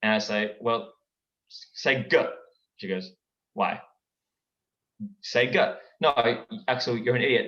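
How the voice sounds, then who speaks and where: A man's voice: mid-range voice, takes it slowly, long pauses, pushed and bright. A young man chatting as a guest on a video call. He is playful and often repeats words as he starts a sentence. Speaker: guest comedian and impressionist. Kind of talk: casual chat over a call. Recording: dull lo-fi call audio.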